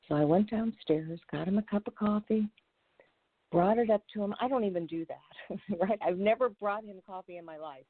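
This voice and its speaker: A woman who is a recovery coach and radio host, telling a personal story in an earnest, conversational way that gets animated when she retells it. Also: medium pitch, a little fast, no echo. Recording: tinny phone-line radio audio, dry.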